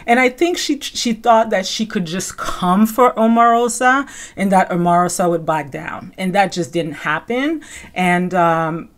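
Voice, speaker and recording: A woman's voice: medium pitch, a little slow. A woman hosting a podcast, giving rambling casual commentary full of fillers and self-corrections. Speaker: podcast host.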